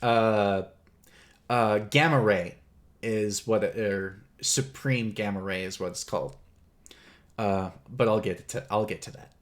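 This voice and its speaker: A man hosting a live stream, slowly explaining game lore with many fillers and laughs. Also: fairly low pitch. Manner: slow, rambling, many fillers, laughs often. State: clearing his throat. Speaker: host presenting game lore. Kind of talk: casual livestream lecture.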